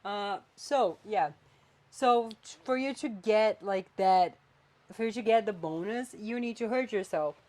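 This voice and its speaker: A woman's voice: mid-range voice, a little slow. Chatty woman podcast host. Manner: animated, chatty, swings between flat and emphatic. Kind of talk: casual chat.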